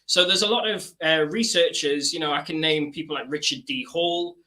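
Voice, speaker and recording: A man from northeast England speaking as a guest on a remote video call. His diction is careful and stage-trained, softened by frequent hedging fillers. His voice is very bright and cutting, a little high in pitch. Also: normal speed. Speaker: activist guest. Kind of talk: casual interview chat.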